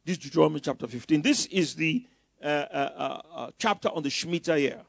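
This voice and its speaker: Pastor, male, high and very lively voice, preaches with loud bursts and teasing asides, dry close sound. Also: brisk, creaky, no echo. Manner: mocking asides. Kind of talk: sermon.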